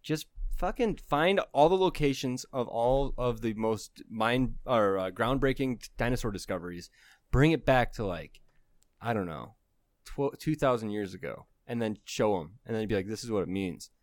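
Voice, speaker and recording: A man's voice: mid-range voice, animated, moderate pace, no echo. A man co-hosting a casual comedy podcast, rambling and swearing as he works through an idea. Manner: rambling, profane, laughs often. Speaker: podcast co-host.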